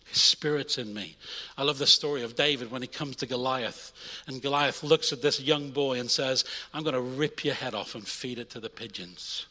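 Bright-voiced man preaching in a reverberant hall. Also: medium pitch, moderate pace, hardly any pauses. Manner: energetic, swings between loud urging and quiet intimate asides. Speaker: pastor. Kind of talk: sermon. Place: church.

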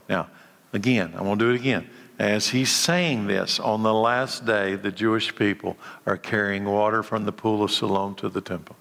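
A man's voice: fairly low pitch, fairly even intonation, moderate pace, vocal fry, fairly bright tone. A man teaching a sermon, reading scripture aloud and putting emphatic questions to his listeners. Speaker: Bible teacher. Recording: hall reverb.

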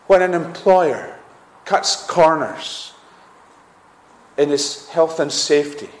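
Earnest man preaching in an echoey hall. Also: on the high side. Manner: earnest, rising emphasis on key phrases, frequent "uh" restarts. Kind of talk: sermon.

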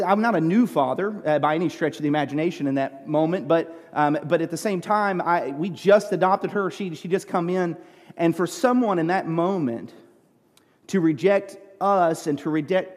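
A middle-aged man preaching a sermon, telling a personal story in an earnest, halting way with many restarts. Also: on the high side, a little mellow. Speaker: pastor. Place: church sanctuary. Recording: long church reverb.

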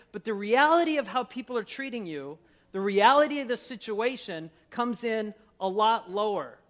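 Very high-voiced middle-aged male pastor. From Minnesota. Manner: animated, self-mocking storyteller who laughs at himself. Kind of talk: sermon with personal storytelling.

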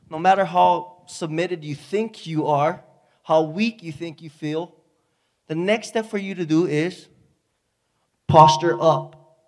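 Brief: man with a high voice, energetic sermon delivery, speaks to a church congregation and calls for responses.

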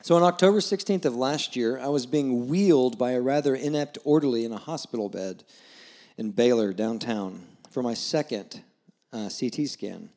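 A guest preacher in his forties tells a personal story during a conversational sermon, speaking at normal speed and turning low and soft whenever he quotes scripture.

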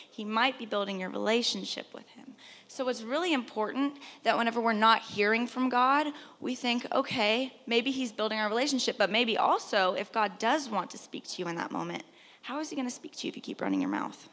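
A woman's voice: on the high side, animated, normal speed. Woman preaching in a reverberant hall. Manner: conversational preaching with rhetorical questions and sudden soft drops. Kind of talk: sermon.

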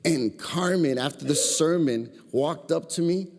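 In a large church hall, a Chicago man delivers a casual sermon as guest preacher, his fairly high voice creaky, darkish and unhurried. He cracks jokes, talks conversationally and asks the congregation to answer back.

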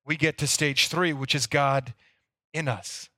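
A man's voice: on the high side, steady tone, unhurried, pushed and bright, dry recording, studio quality. A man preaching a sermon, telling the story earnestly and sometimes repeating words as he goes. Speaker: pastor.

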